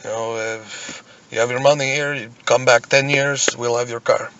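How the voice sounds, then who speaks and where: A man's voice: mid-range voice, fairly even intonation, moderate pace, a bit bright, lightly acted. A man playing a curt Soviet bureau clerk who talks in short, broken English. The recording sounds dull and lo-fi. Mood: brusque. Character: Soviet male car-bureau clerk, brusque.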